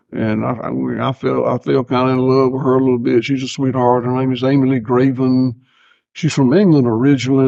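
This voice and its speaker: A man's voice: mid-range voice, gravelly, darkish tone, no room sound. An older man, a farmer guest, chatting casually in an interview with laid-back, dry self-mocking humor. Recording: slightly dull lo-fi sound.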